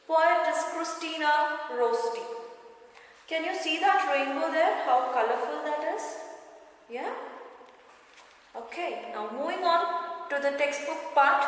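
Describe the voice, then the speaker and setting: A woman teaching a poem to children, speaking slowly in a sing-song way and asking them questions. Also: sits high, a bit bright. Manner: slow, sing-song explaining with rhetorical questions. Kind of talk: online class lesson. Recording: echoey room, far from the mic.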